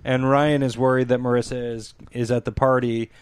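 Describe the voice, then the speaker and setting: A man casually recapping a TV episode for a podcast, rambling and sarcastic, full of ums and quick silly voices. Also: medium pitch, little pitch movement, clear, resonant tone, no echo. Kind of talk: casual chat.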